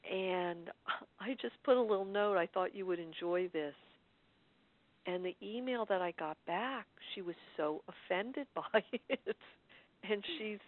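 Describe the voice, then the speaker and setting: A woman telling a personal story in casual conversation, chatty and laughing often as she talks. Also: mid-range voice. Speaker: caller sharing in a study group. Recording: phone-line audio.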